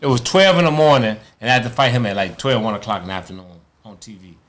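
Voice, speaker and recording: A man's voice: mid-range voice, fast. A man, a guest telling a long story in casual, profane talk, acting out what others said. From Chicago, USA. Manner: animated, profane, acts out quotes in others' voices. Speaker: guest, former boxing champion.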